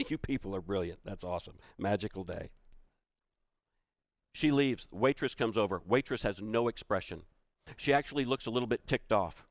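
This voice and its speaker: A man's voice: mid-range voice, normal speed, dry recording. A middle-aged man giving a storytelling keynote talk, acting out the quoted voices of the people in his story. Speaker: keynote speaker.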